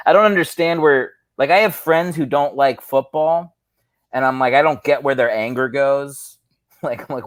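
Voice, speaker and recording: A man's voice: medium pitch, moderate pace, dry recording. A man who is a comedian, guesting on a podcast over a video call, wry and rambling, mocking himself. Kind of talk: casual podcast banter.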